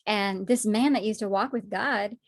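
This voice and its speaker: A woman sharing her personal faith testimony in conversation, animated when acting out past moments, soft and low when reflecting. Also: normal speed. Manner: animated storytelling, acts out her own past words.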